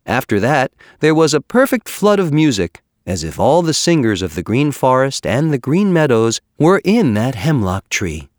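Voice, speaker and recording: A man reading a children's animal story aloud with an expressive, measured storytelling manner. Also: mid-range voice, dry recording, clean studio sound. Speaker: narrator. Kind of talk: storybook narration.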